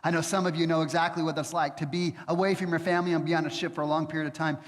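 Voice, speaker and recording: A man's voice: a little high, little pitch movement, rapid-fire. A man preaching a sermon in a church, talking conversationally with frequent hesitations and fillers. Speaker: pastor. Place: church sanctuary. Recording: long reverb of a church hall.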